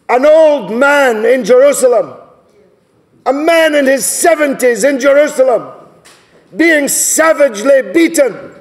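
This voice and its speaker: A man giving an impassioned political speech at a conference, rising to shouted rhetorical questions. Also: very high-pitched. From Scotland. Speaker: political speaker. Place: large conference hall. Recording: long hall reverb.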